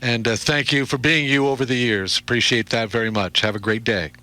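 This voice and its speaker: A man's voice: medium pitch, fairly even intonation, brisk, bright, forceful tone, no echo. A man hosting a call-in radio show, bantering and laughing with callers. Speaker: radio talk show host. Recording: radio broadcast.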